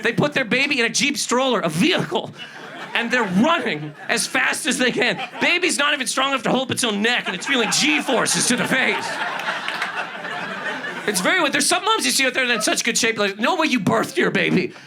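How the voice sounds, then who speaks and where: A man's voice: very high-pitched, big pitch swings, a little fast, vocal fry, crowd noise, background noise. A man performing a stand-up comedy set, ranting with incredulous, exaggerated delivery. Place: comedy club stage. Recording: live stand-up with audience laughter. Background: audience laughter.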